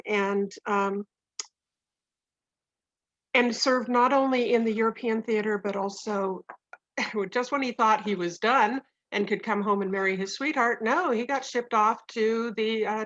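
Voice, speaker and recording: A woman's voice: fairly high pitch, a little slow, a bit bright. A woman in her sixties introducing her husband's poems in a casual chat, gushing and laughing often. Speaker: co-host, poet's wife. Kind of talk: casual introductions on a video call. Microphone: computer mic on video call. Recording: dull lo-fi video call audio.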